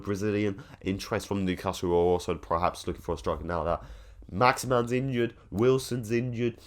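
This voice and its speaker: A man hosting a football fan channel, giving rambling, opinionated commentary with lots of fillers. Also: lowish voice. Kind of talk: casual commentary to camera.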